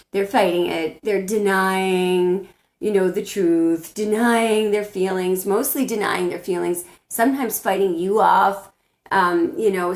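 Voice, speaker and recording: A woman's voice: mid-range voice, darkish tone. A woman giving blunt spiritual relationship advice as a tarot reader, talking straight to camera and often restarting her sentences. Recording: roomy echo.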